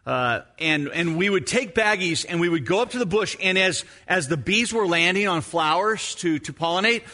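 A middle-aged man preaching, weaving a personal story into his sermon. His voice sits high for a man and rings bright and forward. He tells it in an animated way, acting out his own moments as he goes. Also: normal speed. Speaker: pastor.

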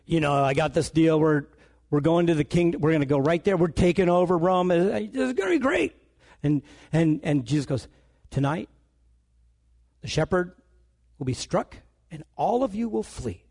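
Animated gravelly male preacher. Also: a little high, normal speed. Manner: animated storytelling, acting out dialogue. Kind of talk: sermon.

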